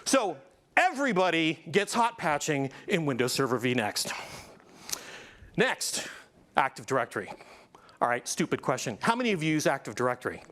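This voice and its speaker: A man delivering a conference tech talk with a showman's energy. His voice sits high and leaps widely in pitch. He swings from hyped build-ups back to plain explanation. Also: very animated, moderate pace, pauses often, fairly bright tone. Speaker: conference presenter. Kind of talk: keynote-style tech presentation.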